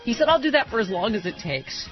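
A woman hosting a political talk radio show, bantering fast with lots of restarts and laughs. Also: fairly high pitch, big pitch swings, highs cut off, soft background music. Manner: quick, laughing, restarts a lot.

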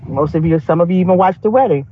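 Man, high voice, husky, animated profane chat, muffled call audio. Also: fast talker. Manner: animated, profane, laughing often. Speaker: podcast co-host. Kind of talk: casual chat.

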